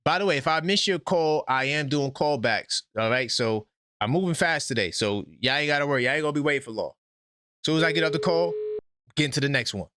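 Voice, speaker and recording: Guy running a call-in sports show, bright forceful voice, dry close sound, quick and worked up. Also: fairly high pitch, smooth, no room sound. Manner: fast, animated, exasperated, slangy. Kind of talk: live call-in sports talk.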